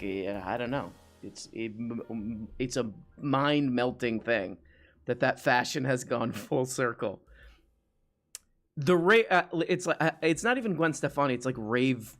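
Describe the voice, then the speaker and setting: Male host, 30s, live-stream chat; rambly, restarts a lot, middle pitch, light music bed. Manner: rambling, frequent restarts, reads chat aloud.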